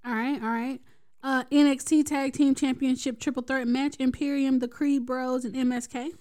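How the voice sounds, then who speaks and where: Woman, podcast co-host, casual chat, reads out the lineup, teasing, slightly high voice. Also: little pitch movement, moderate pace, warm tone. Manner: reads out the match card, teasing.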